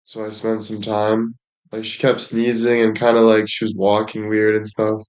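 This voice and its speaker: A man's voice: fairly low pitch, completely flat delivery, normal speed. A man chatting casually as a streamer, rambling along with heavy swearing and plenty of filler words. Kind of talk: casual chat.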